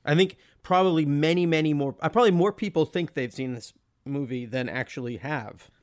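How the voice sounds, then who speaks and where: A podcast co-host with a slightly high voice talks a little fast as he chats casually and enthusiastically about a film, laughing often.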